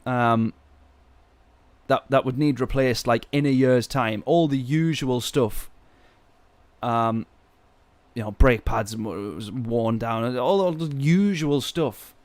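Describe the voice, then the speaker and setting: A man streaming a racing game, telling a story in a ranting, exasperated way with sudden loud outbursts. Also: medium pitch, slow pace, dry recording. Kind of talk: casual live-stream chat.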